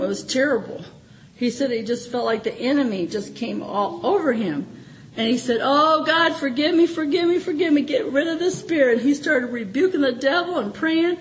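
Animated high-voiced woman preaching. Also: a little hiss or hum, rough recording. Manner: animated, laughing, swings between high excitement and low murmurs. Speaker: church speaker. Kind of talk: informal sermon testimony.

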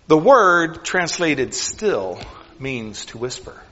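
Husky-voiced preacher in a reverberant hall. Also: male voice, fairly high pitch, big pitch swings, bright, forceful tone. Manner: earnest, with deliberate pauses; drops to near whisper for emphasis. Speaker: pastor. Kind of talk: sermon. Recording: dull sound with long hall reverb.

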